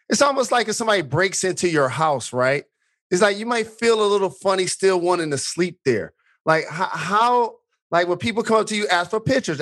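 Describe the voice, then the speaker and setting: A man's voice: on the high side, fairly bright tone. A man hosting an interview, asking supportive, probing questions. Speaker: podcast host. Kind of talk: interview conversation.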